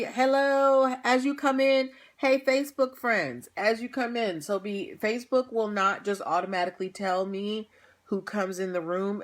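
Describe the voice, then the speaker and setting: A young woman hosting a livestream, chatting casually with viewers, tired and laughing often. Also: mid-range voice. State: tired, yawning. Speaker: livestream host. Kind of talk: casual pre-show chat to viewers.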